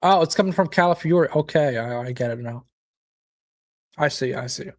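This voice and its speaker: This watchalong host has a voice that sits a little high and sounds animated, moving at a moderate pace. Chatting casually through a live football match, he responds to the game and to comments from viewers, occasionally swearing.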